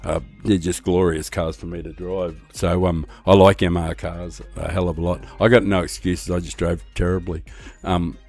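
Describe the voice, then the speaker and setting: An Australian man casually chatting on a live stream while playing a racing game, rambling and relaxed with lots of hesitations. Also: low voice, normal speed, vocal fry, few pauses, soft background music.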